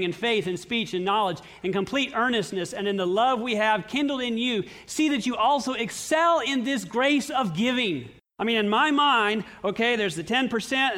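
A middle-aged pastor preaching a sermon in a church, telling stories in an earnest way with lively swings in his voice. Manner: earnest storytelling with animated swings in pitch.

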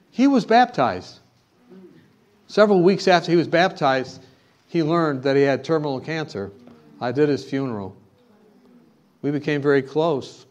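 A male preacher with a somewhat high-pitched voice delivers a sermon. He tells a story with lively animation. He then shifts into emphatic exhortation. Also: normal speed, pauses often. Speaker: pastor.

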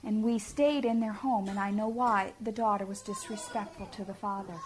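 A woman's voice: mid-range voice, fairly even intonation, moderate pace, slight background noise. A middle-aged woman giving a sermon-style talk to parents, earnest and homey, often putting questions to her listeners. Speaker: speaker at a family ministry talk.

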